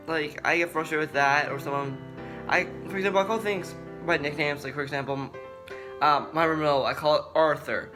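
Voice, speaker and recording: A young man speaks to his viewers in an earnest, halting way, often stopping and starting over. His voice is bright and a little high. Faint guitar music plays underneath. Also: steady tone. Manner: earnest, halting, with many restarts. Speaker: vlogger. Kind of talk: personal talk to camera.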